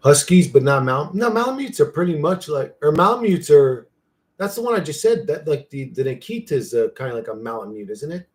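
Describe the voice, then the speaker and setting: A man's voice: very animated, a little fast. A young man hosting a casual livestream, rambling, swearing freely, and answering his viewers' chat. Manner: rambling, profane, talks to his dog in a high playful voice. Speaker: livestream host.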